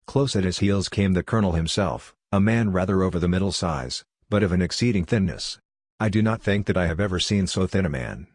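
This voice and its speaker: A man reading a classic story aloud as a first-person audiobook narration, in a measured way. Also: sits low, no echo, clean studio sound. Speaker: audiobook reader.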